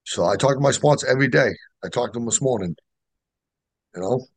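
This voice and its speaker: A middle-aged man with a gravelly, creaky voice. He tells his recovery story in casual, slangy talk with lots of fillers. The sound is dry and close, with no room around it. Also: medium pitch, a little fast, no echo. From Boston area. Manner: emotional, street slang, many fillers. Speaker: guest sharing recovery story.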